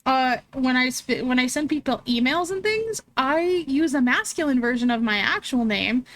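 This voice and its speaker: A woman's voice: high-pitched, expressive, moderate pace, fairly bright tone, a little hiss or hum. A young woman streaming, chatting casually with her viewers and laughing often as she reads chat aloud.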